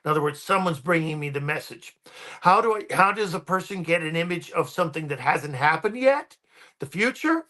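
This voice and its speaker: A man's voice: a little high, animated, brisk, sharp tone. A man, a guest paranormal researcher, telling stories in a casual podcast chat and rambling with many ums and restarts.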